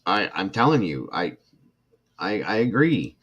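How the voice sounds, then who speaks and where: Deep-voiced irritated livestream host, a man. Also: sing-song, measured pace, fairly bright tone, slightly rough, lo-fi sound. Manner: emotional, irritated, talks to chat viewers by name. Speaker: true crime livestream host. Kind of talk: casual livestream commentary reading a report.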